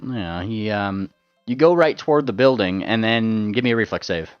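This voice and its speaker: A man's voice: on the low side, moderate pace, clean tone, no echo, soft background music. A man running a tabletop game as game master, rambling with lots of fillers and repeated words. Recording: dull lo-fi sound.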